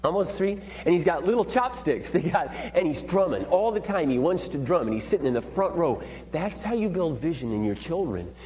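Lively middle-aged man teaching in an echoey hall. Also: a little high, fairly quick, few pauses. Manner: rambling, folksy and animated. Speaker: seminar leader. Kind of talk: parenting seminar talk. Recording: dull echoey hall with faint hum.

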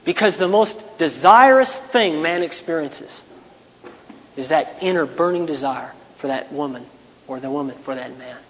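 A man preaching a sermon in an earnest way, now and then rising into loud, raised passages. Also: on the high side, animated, normal speed, big-room sound, highs cut off. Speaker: pastor.

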